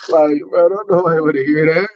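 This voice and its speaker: A man's voice: fairly high pitch, steady tone, a little fast, muffled recording. A man guest on a stream, chatting casually and laid-back, often saying "bro". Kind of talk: casual chat.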